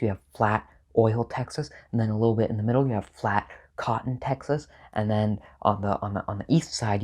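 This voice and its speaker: A man hosting a casual comedic video, talking in a dry, offhand, mock-opinionated way with sudden jumps in pitch. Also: a little mellow. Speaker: video host ranking states. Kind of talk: casual, deadpan comedic monologue.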